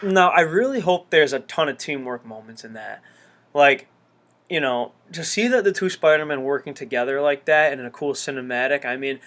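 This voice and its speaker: A man reacting to a game trailer in casual commentary, excitable and rambling with fillers, swearing freely. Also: a little high, moderate pace. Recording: loud background noise.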